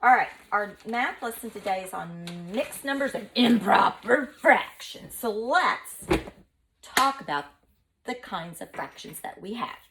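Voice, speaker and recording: A woman's voice: a little high, a little slow, noisy background. Chatty woman teaching a math lesson. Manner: lively, playful, chatty. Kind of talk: recorded online math lesson.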